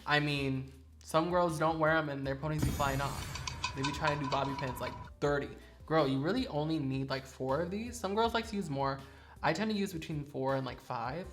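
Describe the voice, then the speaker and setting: A man's voice: fairly high pitch, fairly quick, faint music behind. A man who performs in drag, chatting sassily and playfully about favorite makeup products in a studio vlog. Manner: sassy, chatty, playfully dramatic.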